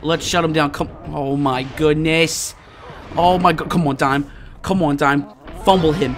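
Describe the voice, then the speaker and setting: A man hosting a gaming channel, giving live let's-play commentary and reacting excitably to each play. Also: on the high side, a little slow. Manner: excitable, yelling and groaning at plays.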